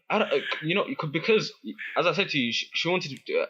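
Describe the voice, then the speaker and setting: A young man telling a school story in casual chat, animated, with lots of restarts and laughter. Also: on the high side, brisk, slightly rough, dull audio. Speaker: guest.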